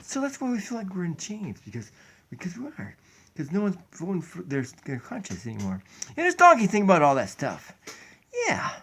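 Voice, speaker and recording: A man's voice: high voice, huge pitch swings, brisk, fairly bright tone, breathy edge. A man from the United States giving a rambling, preachy opinion vlog, recorded on a tablet in his home kitchen. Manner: rambling, preachy, restarts a lot. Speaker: YouTube vlogger. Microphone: tablet built-in mic.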